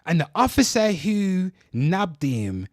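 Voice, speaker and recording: A young man on a reaction commentary show rants at his viewers, swearing freely and turning back to address them over and over. His voice sits high for a man and swoops through a wide range. The recording is close and dry, with no room sound. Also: very animated, slow pace, no room sound. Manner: heated, swearing, repeatedly addressing "people". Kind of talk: profane ranting commentary to viewers.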